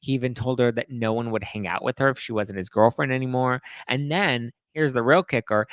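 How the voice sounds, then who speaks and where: A man hosts a chatty book recap, gossipy and dramatic as he tells the story. His voice is bright and forward, and the recording is close and dry with no room sound. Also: mid-range voice, brisk, hardly any pauses, no room sound. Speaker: host. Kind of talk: casual book recap chat.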